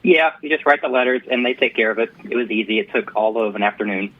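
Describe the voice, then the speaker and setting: Husky caller on a tinny phone line. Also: male voice, medium pitch, quick pace, dry recording. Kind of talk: call-in on talk radio.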